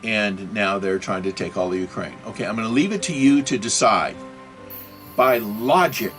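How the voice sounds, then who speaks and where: Faint music accompanies a man's fairly low, fairly bright voice, which moves at a moderate pace with lively intonation. As host of his own video, he rambles off the cuff about political and religious matters, asking rhetorical questions, using fillers and correcting himself.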